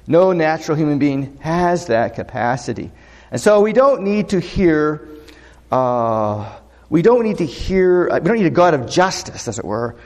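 A man's voice: fairly high pitch, very animated, a little slow, a little mellow. A man preaching a sermon in a church, talking conversationally with plenty of fillers and questions to the congregation. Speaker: pastor. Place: church sanctuary. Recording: long echo of a large hall.

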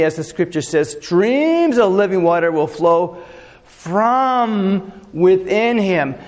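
A pastor with a high-pitched voice preaches in a big-sounding room. His sermon is loose and conversational, full of fillers and rhetorical questions.

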